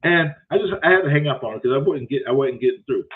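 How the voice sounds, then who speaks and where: A man's voice: medium pitch, animated, quick pace. A man tells a casual story in a rambling way, repeating himself and cussing freely. His voice sits in a middle range and sounds thin and tinny, like it is coming over a phone line. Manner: rambling, profane, repetitive. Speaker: show host.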